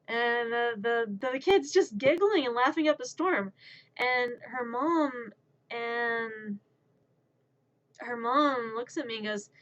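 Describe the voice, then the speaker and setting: A woman's voice: fairly high pitch, a little slow, fairly bright tone. A woman streamer telling a casual story, rambling and stammering, often repeating her words. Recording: muffled lo-fi stream audio.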